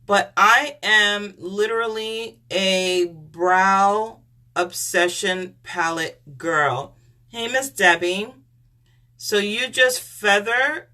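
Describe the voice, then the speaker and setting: A woman's voice: mid-range voice, pushed and bright. A woman chatting on a live stream, gushing as she shows makeup products and greets viewers by name.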